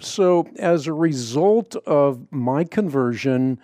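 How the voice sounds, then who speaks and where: Middle-aged man, radio host, mellow dark tone, dry close sound, earnest storyteller. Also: medium pitch, lively intonation, measured pace, dry recording. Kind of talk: conversational interview.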